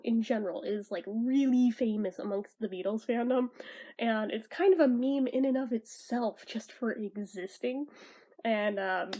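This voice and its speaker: A woman's voice: fairly high pitch, dark tone. A young woman vlogging in casual chat, rambling, laughing often and swearing casually.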